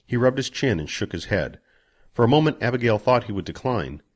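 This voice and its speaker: A man narrating a story as an audiobook, expressive and giving each character a voice. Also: medium pitch, fairly quick.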